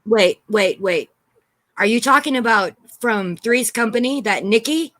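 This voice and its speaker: A guest on a casual livestream chat, talking in a calm, placating way. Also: mid-range voice, a little slow, no echo.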